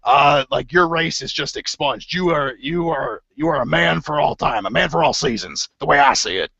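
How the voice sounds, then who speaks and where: A man's voice: a little high, moderate pace, creaky, pushed and bright, breathy edge, no echo, heavily acted. A man playing a blustering middle-aged conspiracy radio host who rambles, stammers and corrects himself. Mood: rambling. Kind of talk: improvised comedy impression. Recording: dull lo-fi stream audio.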